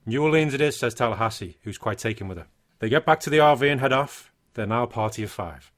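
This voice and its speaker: A man co-hosting a casual movie podcast, relaxed and quick to laugh. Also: lowish voice. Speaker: podcast co-host.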